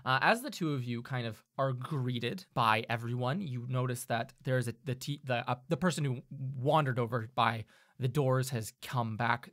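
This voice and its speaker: A man's voice: mid-range voice, fairly bright tone, no room sound, studio quality. A man narrating a tabletop game as game master, rambling with many fillers.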